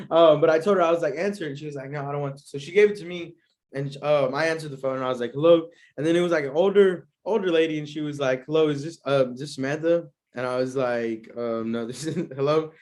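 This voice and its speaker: A young man hosting his own podcast, telling a story in a rambling, slangy way with lots of fillers and frequent laughs. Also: fairly high pitch. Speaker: podcast host. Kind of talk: casual storytelling.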